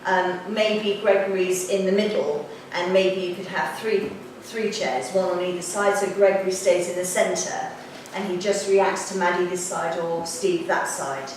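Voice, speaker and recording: A woman teaching drama, giving brisk, directive feedback to a class. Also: on the low side, fairly even intonation. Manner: brisk and directive, quick instructions. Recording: echoey classroom from far off, some noise.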